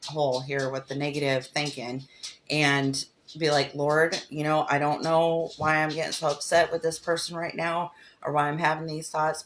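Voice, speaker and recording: A woman hosting a crafting livestream, talking loosely with many fillers and reading scripture aloud slowly. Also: low voice, a bit bright. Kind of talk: casual devotional talk while crafting.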